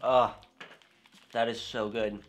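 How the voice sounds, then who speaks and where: A man from Houston in a casual taste-test chat, relaxed and hesitant, filling pauses with "like" and "um". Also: medium pitch, slight background noise. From Houston, Texas.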